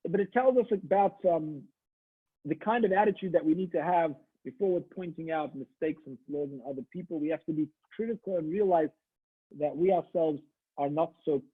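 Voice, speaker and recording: A rabbi gives a holiday sermon, telling a story in a loose, conversational way with frequent restarts. His voice is somewhat high and husky, and it comes through a thin, phone-like line. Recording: tinny phone-like audio.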